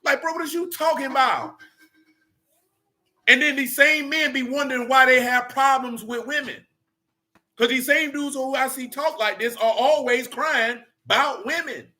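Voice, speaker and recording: A man's voice: very high voice, normal speed, bright, forceful tone. A man leading a casual Bible study, blunt and slangy as he preaches and rants.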